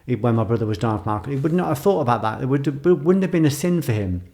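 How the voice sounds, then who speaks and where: A writer and filmmaker speaking in a reflective personal monologue, intense and emotional, repeating phrases for emphasis. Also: male voice, mid-range voice, expressive, quick pace, darkish tone.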